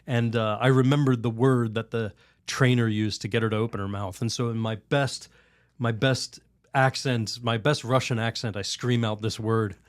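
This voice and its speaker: A priest talks through a story and a lesson in an unhurried, chatty way. He often breaks into laughter, says "you know" a lot, and starts his sentences over. His voice sits in the middle of the male range and is recorded dry and close, with no room sound. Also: medium pitch, no echo. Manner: animated, laughs while telling stories; rambling restarts, many "you know"s. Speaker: Catholic priest, podcast guest. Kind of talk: conversational storytelling and teaching.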